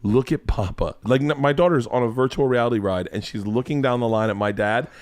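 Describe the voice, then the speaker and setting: A comedian in his forties telling a rambling story in a casual, excitable, profane way. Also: medium pitch, quick pace, no room sound.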